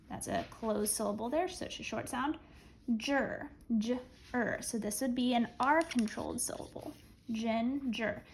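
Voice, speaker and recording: A woman's voice: on the high side, a little hiss or hum, rough recording. A woman teaching a spelling lesson, dictating words patiently and counting down before explaining each one.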